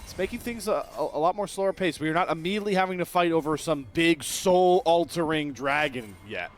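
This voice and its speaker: A man giving excitable play-by-play commentary on an esports match. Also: on the high side. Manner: excitable, quick shifts in energy. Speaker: esports caster.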